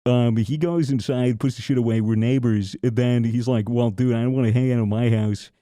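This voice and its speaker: Dark-voiced young man telling a profane story. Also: mid-range voice, steady tone, fairly quick, dry recording, studio quality. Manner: profane, rambling, with frequent restarts. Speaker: podcast host. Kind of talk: casual storytelling.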